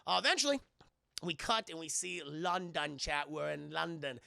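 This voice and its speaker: A man talks through a film for his live chat in a loose, animated way, swearing freely. His voice sits a little high, with a bright, forceful edge and plenty of gravelly fry. The sound is close and dry, with no room echo. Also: normal speed. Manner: animated and profane, acts out lines in funny voices. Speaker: streamer reviewing a film with chat. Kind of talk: casual scene-by-scene spoiler recap.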